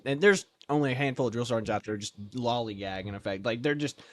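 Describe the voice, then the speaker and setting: A man who is an officer candidate, telling army stories in a measured, wry, self-assured way. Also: medium pitch, lively intonation, a bit bright. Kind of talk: casual storytelling in an interview.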